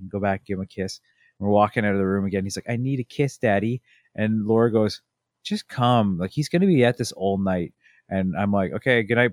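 A man in his thirties co-hosting a casual chat show, telling stories with lively acted-out quotes. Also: lowish voice, no room sound, clean studio sound. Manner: animated storytelling, acting out his family's lines. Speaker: podcast co-host.

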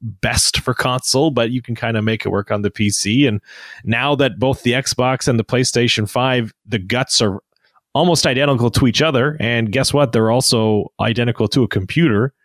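A man's voice: mid-range voice, moderate pace, no echo. A man co-hosting a casual chat, easygoing and agreeable, laughing often. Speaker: podcast co-host.

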